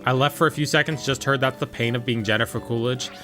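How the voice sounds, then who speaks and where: A man streaming a game, chatting casually and joking in quick, rambling asides to his viewers. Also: medium pitch, steady tone, sharp tone, faint music behind. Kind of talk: casual livestream chat while gaming.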